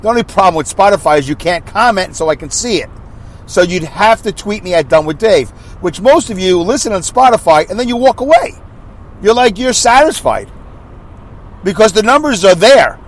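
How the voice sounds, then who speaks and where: A man's voice: sits high, expressive, moderate pace. A man hosting his own podcast, rambling in a chatty, self-mocking way while he drives. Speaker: podcast host. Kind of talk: rambling solo podcast talk. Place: inside a moving van, driving.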